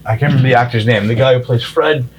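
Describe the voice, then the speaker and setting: A man's voice: medium pitch, rapid-fire, breathy edge, dull audio. A man hosting a podcast, chatting casually and telling loose, joking stories with profanity while tattooing in a tattoo shop. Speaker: podcast host and tattoo artist. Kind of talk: casual chat.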